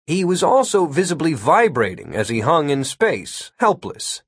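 A man narrating a comic fantasy story in an even, measured storytelling manner. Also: a little high, husky, no echo, clean studio sound. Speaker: audiobook narrator.

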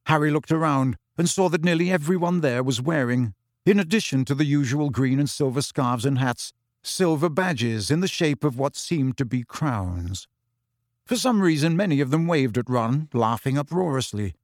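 A man reading a story aloud as narrator in a measured storytelling way. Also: mid-range voice, lively intonation, no room sound, clean studio sound. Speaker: audiobook narrator. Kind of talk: scripted narration.

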